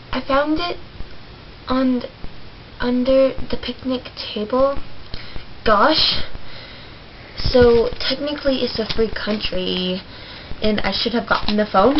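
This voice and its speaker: A woman's voice: sits high, slow pace, long pauses, dull audio, noisy background. A woman playing a naive, chatty fourteen-year-old girl in a character vlog, rambling and giggly, full of "like".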